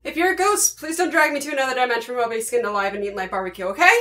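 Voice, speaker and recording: A woman's voice: fairly high pitch, rapid-fire, lightly acted. A woman acting a wry, nervous housewife who talks to herself in a comedy drama. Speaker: actor playing a housewife. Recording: echoey room from far off, loud noise.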